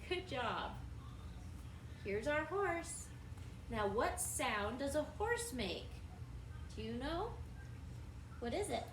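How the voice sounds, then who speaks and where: Woman, preschool teacher, slow encouraging instructions, roomy echo, distant mic. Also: high-pitched, sing-song, noisy background. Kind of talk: craft lesson for young children.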